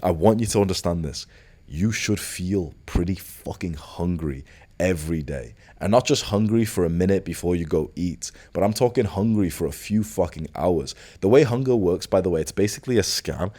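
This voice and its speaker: A man's voice: low voice, expressive, moderate pace, mellow, breathy edge. A young man giving a blunt, profane motivational monologue as a self-improvement coach, peppering his talk with "like" and rhetorical questions. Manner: blunt, profane, filler-heavy with frequent "like".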